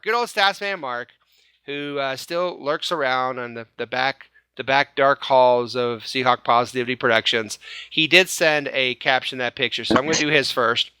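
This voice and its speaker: A man's voice: medium pitch, sharp tone, clean tone, no echo. A man hosting a casual fan-show podcast, upbeat, laughing often and stumbling over repeated words. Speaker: podcast host.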